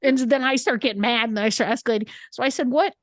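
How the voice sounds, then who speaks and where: A middle-aged woman guesting on a podcast, telling a personal story with lively reenacted dialogue. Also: fairly high pitch, quick pace, dry recording, studio quality. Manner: animated, quotes herself and her son in dialogue. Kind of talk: candid conversational storytelling.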